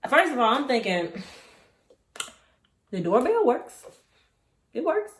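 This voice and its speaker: In a high voice and at a slow pace, a young vlogger tells her story chattily, often straying into tangents. The echoey recording carries a little hiss or hum.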